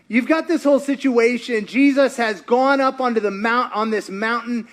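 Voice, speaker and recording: A middle-aged male pastor giving a lively sermon, retelling stories with acted quotes and questions to the audience. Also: extremely high pitch. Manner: animated storyteller, acts out quotes, asks the audience.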